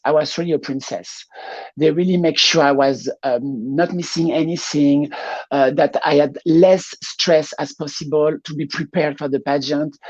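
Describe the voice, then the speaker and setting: A woman with a French accent, a pageant showgirl talking as a guest in a casual interview, laughing often and pausing to find her words. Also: low voice, darkish tone, husky, highs cut off.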